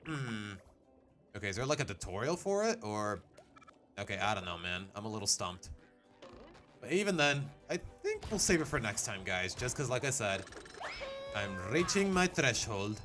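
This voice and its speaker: A man's voice: fairly low pitch, sing-song, moderate pace, a bit bright, faint music behind. A young man casually commenting while playing a game on a live stream, chatty and self-mocking.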